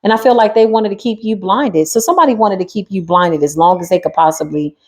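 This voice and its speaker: Talking fast in a mid-range, slightly rough voice, a tarot reader does a spiritual reading with sassy, streetwise flair. She speaks straight to the viewer and to the spirit.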